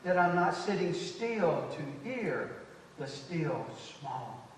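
A man in his fifties, a pastor preaching a sermon, swinging between loud declarations and quiet conversational asides. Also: on the high side, sing-song, slow pace, noisy background. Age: 50s. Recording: echoey hall from far off.

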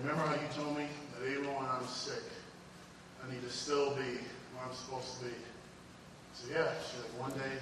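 A man preaching a sermon through a story, moving between loud emphatic preaching and hushed retold dialogue. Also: medium pitch, background noise. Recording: echoey hall from far off, faint ambience.

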